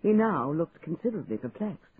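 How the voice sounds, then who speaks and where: A man reading an audiobook aloud in a lively, expressive narrating style. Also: a little high, fairly quick, husky. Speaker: audiobook reader. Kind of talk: scripted narration. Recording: tinny phone-like sound, faint hiss.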